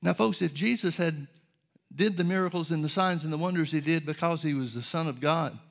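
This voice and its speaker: Male preacher with a gravelly, somewhat high voice, steady sermon delivery with scripture readings. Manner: measured preaching, reads scripture aloud.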